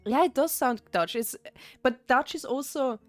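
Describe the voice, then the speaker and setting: A woman's voice: sits high, moderate pace, no room sound, faint music behind. A young woman with an Austrian German accent, chatting casually on a live stream, rambling with restarts and frequent giggles.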